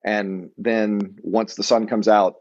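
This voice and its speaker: A man leading a weekly Bible study lesson, talking conversationally and pausing to explain terms. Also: on the low side, little pitch movement, a little mellow, muffled recording.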